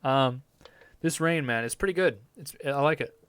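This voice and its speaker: A man's voice: medium pitch, moderate pace, noisy background. A young man chatting casually on a live stream from his home basement, rambling and swearing often in a laid-back way.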